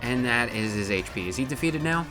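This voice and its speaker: A man's voice: mid-range voice, expressive, over music. A man giving casual, playful commentary over a video game playthrough. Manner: playful, chatty, quick asides. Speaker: let's-play commentator.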